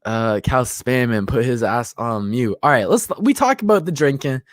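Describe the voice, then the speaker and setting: A man's voice: mid-range voice, expressive, moderate pace, no echo, clean studio sound. A man in his twenties hosting a casual livestream, a bit tipsy, bantering loosely and reading out chat comments. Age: 20s. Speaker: livestream host.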